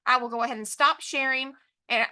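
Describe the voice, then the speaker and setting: A woman teaching an online spelling lesson, dictating words and syllables in a slow, drawn-out way over a computer mic. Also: sits high, steady tone, bright, forceful tone.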